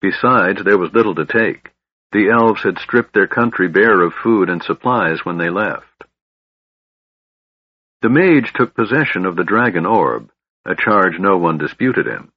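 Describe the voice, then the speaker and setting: A man giving scripted fantasy narration as an audiobook narrator, in a steady, measured reading. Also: low-pitched, husky, no room sound. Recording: dull, lo-fi sound.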